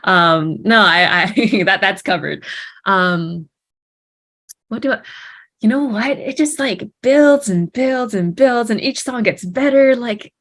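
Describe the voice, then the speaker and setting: Giggly young actress, chatty guest. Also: female voice, medium pitch, expressive, takes it slowly, fairly bright tone. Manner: bubbly, giggly, lots of fillers and restarts. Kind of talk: casual interview chat.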